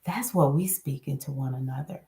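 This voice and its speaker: A woman with a low, deep speaking voice talks casually but earnestly, encouraging her listeners. She hosts an inspirational self-help monologue with a warm, conversational flow. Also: fairly quick. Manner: earnest, encouraging, animated self-talk asides. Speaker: spiritual self-help host.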